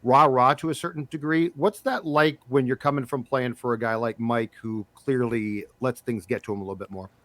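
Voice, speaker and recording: A man's voice: mid-range voice, fairly even intonation, fairly quick, few pauses, a bit bright, dry recording. A man hosting a sports podcast, asking long, rambling questions full of restarts. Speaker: podcast host. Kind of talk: casual podcast interviewing.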